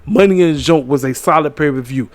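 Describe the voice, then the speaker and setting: A man runs through a wrestling review in a loose, preachy talking style, leaning on his favorite catchphrases. His voice sits a little high for a man. The room is dry and close. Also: fast talker, dry recording. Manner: animated and preachy, repeats catchphrases. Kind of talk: casual commentary. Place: small room at home.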